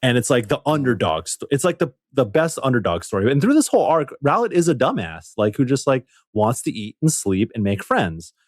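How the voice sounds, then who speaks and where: Animated man telling a story. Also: mid-range voice, brisk, few pauses, dry recording, studio quality. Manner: animated, excitable storytelling, swears. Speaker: podcast co-host. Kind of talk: casual chat.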